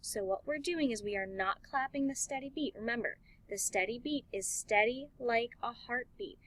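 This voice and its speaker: A woman music teacher giving an elementary music lesson, talking slowly and clearly and encouraging the class. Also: on the high side, a bit bright, rough recording. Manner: slow, clear, encouraging teacher talk with sung and chanted examples.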